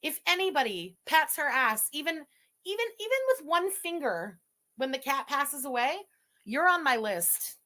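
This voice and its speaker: A woman livestreamer on an angry, profane rant, shouting insults at her audience. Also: high-pitched, very animated, measured pace.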